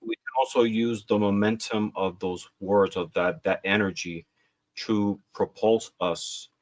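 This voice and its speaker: A man hosting a podcast interview, asking playful quiz questions and offering calm encouragement. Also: on the low side, measured pace, no echo. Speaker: podcast host. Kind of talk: conversational interview.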